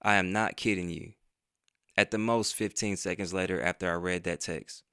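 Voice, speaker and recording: A man's voice: deep voice, steady tone, moderate pace, sharp tone, clear, resonant tone, no echo, clean studio sound. A man telling a personal story in a casual, profane storytime monologue, acting out the dialogue as he goes. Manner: conversational and profane, retelling with quoted dialogue. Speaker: vlogger and podcaster.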